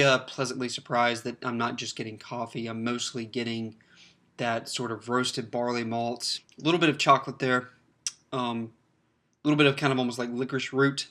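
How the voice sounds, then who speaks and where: A man's voice: mid-range voice, bright, forceful tone. A man giving a casual, rambling beer review, full of fillers and restarts. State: slightly choked up, clears throat.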